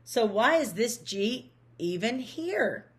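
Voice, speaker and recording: A woman teaching a phonics lesson for parents, explaining patiently and counting letters aloud slowly. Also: a little high, sing-song. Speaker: reading teacher.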